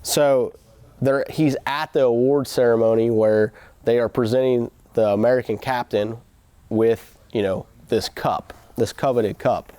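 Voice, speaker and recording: A man with a warm, mellow voice tells a story in a loose, rambling way, often restarting his sentences and acting out what others said. The sound is dry and close, with no room echo. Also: medium pitch, fairly even intonation, a little slow. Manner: rambling with restarts and quoted asides. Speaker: host. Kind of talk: casual motivational storytelling.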